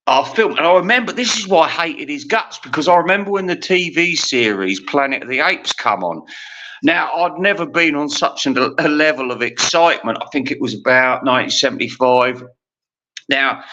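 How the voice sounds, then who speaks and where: Fifties man, sweary rambling rant, sharp raised voice, muffled lo-fi sound. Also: fairly high pitch. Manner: profane, ranting, laughs at own jokes. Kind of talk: rambling monologue. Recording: dull lo-fi recording.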